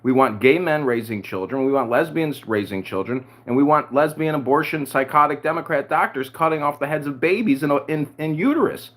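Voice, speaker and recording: A man's voice: a little high, expressive, a little fast, hardly any pauses, a bit bright. A man hosting a political podcast, talking in a heated, crude rant. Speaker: podcast host.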